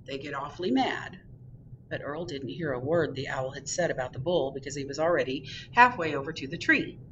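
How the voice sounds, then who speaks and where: A woman librarian reading a picture book aloud to children, expressive and drawn out. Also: low-pitched, fairly quick, far from the mic, dull audio, slight background noise.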